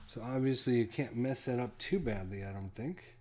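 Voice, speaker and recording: A man's voice: medium pitch, normal speed, warm tone, slight background noise. A man unboxing a board game, casually thinking aloud to himself and counting pieces under his breath.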